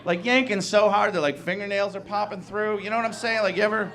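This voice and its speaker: A young man doing a stand-up comedy set, loud and animated, laughing through his punchlines. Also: sits high, fast talker, a faint crowd.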